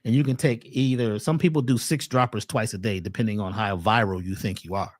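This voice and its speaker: A man presenting herbal health advice in a casual livestream talk, preachy and animated, throwing out rhetorical questions. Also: on the low side, a little fast.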